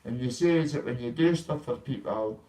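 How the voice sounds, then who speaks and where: A man's voice: mid-range voice, normal speed, a little mellow, low-quality recording. Blunt swearing man. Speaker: vlogger. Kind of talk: casual ranting vlog.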